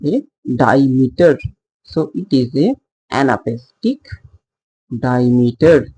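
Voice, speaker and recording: A man giving a slow, halting lecture on poetic meter in a gravelly, husky voice. He pauses often on fillers and asks his listeners questions that he answers himself. The sound is dry and close. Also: fairly high pitch, big pitch swings, warm tone, no room sound, low-quality recording. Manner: hesitant, with frequent fillers and self-corrections. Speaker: literature teacher.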